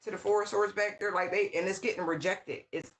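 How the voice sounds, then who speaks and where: An excitable tarot reader gives a casual channeled reading, speaking straight to the viewer at a middle pitch. The delivery bursts into exclamations, repeats words for emphasis and keeps checking in with "right?" A faint hiss sits under the voice. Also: a little fast, rough recording. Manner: talks straight to the viewer, often asking "right?".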